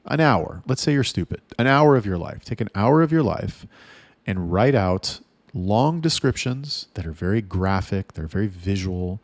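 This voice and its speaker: A man's voice: fairly low pitch, lively intonation, normal speed, dry recording. A man coaching his sales staff in a casual monologue, blunt and profane, rambling with restarts. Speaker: sales trainer for chat staff.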